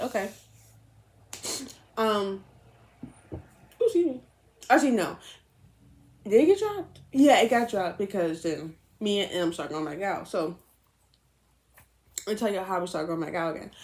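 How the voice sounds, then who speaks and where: A young woman vlogger telling a personal story in casual chat. She talks in an animated, profane way, often laughing. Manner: animated, laughing, profane, swings high and low.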